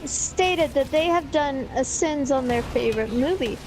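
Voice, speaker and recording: Young female co-host, high voice, blunt opinionated casual talk. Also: animated, measured pace, low-quality recording. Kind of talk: casual chat over gameplay.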